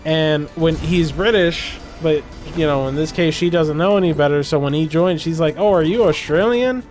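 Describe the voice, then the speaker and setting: A man's voice: steady tone, normal speed, soft background music. A man telling a long story in casual chat while gaming, laughing often and rambling. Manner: rambling storyteller, laughs often, mimics people in higher voices. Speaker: co-host. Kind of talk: casual chat during gameplay.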